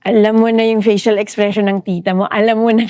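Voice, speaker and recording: Animated Filipino woman, middle-aged. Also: mid-range voice, quick pace, dry recording, clean studio sound. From Philippines. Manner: animated, switches between English and Tagalog. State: grieving. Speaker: trauma therapist guest. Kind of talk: conversational podcast interview.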